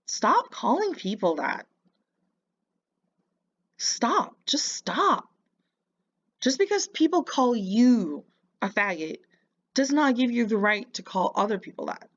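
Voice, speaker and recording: Scolding woman, dull lo-fi audio. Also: on the high side. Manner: mocking, scolding, lecturing. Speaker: reaction commentator. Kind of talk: casual reaction commentary.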